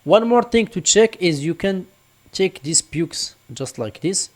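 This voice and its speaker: Man, screen tutorial walkthrough, slightly high voice, repeats examples. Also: animated, measured pace. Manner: explanatory, repeats "for example" and "just like this". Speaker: online tutorial instructor.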